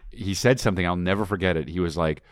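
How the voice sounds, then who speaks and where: A man in his thirties with a fairly low voice, rambling through casual podcast banter. He repeats himself, swears often and circles back to his point. The sound is dry and close, with no room around it. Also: quick pace, no echo. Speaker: comedian and podcast co-host.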